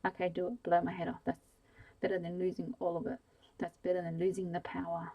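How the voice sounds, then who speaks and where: A woman voicing an unhinged middle-aged male villain in a hushed, seething way while reading a storybook aloud. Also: fairly low pitch, completely flat delivery, fairly quick, highs cut off. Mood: pained.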